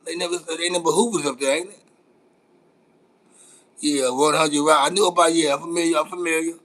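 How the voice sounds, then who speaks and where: A brash man with a Los Angeles accent hosts a casual live-stream chat. His voice sits a bit higher than most men's. He teases viewers in loose, profane banter. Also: fairly even intonation, brisk, a bit bright. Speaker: host.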